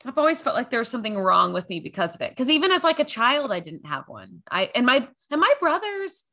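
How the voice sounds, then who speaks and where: A young woman from Texas with a bright, sharp-edged voice pitched on the high side. She chats casually on a podcast and drops quick, playful one-liners. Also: sing-song. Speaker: podcast co-host, former TV news reporter. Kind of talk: casual chat.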